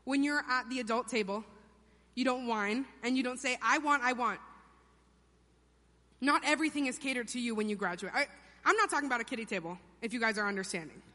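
Young woman preacher, high bright voice, joking around in a big echoey church. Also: a little fast. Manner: chatty, playful, acts out quotes in funny voices. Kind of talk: sermon. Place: church sanctuary. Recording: long hall reverb.

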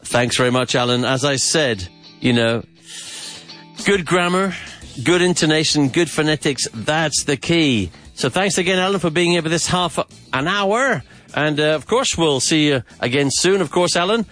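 A man's voice: fairly high pitch, expressive, normal speed, fairly bright tone, faint music behind. A man hosting a podcast grammar lesson, repeating phrases, drilling questions and dropping in Spanish asides with enthusiasm. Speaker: English teacher and podcast host.

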